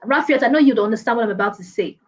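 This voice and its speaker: A woman giving speaking advice as a guest in a casual online interview, lively and playful, often laughing. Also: on the high side, rapid-fire, dull audio. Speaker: guest speaker, presentation coach.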